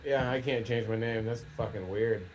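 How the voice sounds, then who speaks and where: A man's voice: medium pitch, steady tone, moderate pace, a little mellow, slight background noise. A man co-hosting a casual online show, joking around and swearing freely. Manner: joking and profane. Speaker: podcast co-host. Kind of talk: casual chat.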